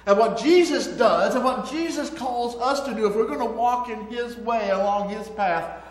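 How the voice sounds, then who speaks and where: A man preaching slowly, in a fairly high voice with long, lingering words. His voice fills a big sanctuary and rings on in a long reverb. Loud and soft passages trade places as he goes. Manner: slow, drawn-out preaching with sudden loud and soft swings. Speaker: pastor. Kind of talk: sermon. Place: church sanctuary.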